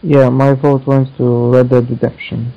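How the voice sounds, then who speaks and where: A man's voice: mid-range voice, level tone, measured pace, creaky. A man in a casual podcast chat, laid-back and hesitant. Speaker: podcast co-host. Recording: dull lo-fi audio.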